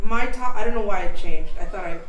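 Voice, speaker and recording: A woman co-hosting a podcast, chatting casually and telling lively, laughing stories. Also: mid-range voice, quick pace. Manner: animated, laughing storyteller. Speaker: podcast co-host. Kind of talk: casual chat. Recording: roomy, distant mic with noise.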